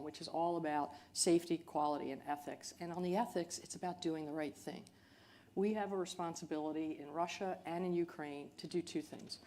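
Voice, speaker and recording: Low-pitched woman executive, earnest and businesslike, faint background hum. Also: darkish tone. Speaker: company chief executive, panel guest. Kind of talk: panel discussion.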